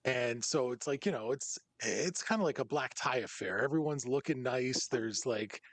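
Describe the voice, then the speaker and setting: A man hosting a podcast in casual chat, telling stories in an animated way. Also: mid-range voice, moderate pace, no echo. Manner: animated storyteller who acts out other people's lines. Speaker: podcast host.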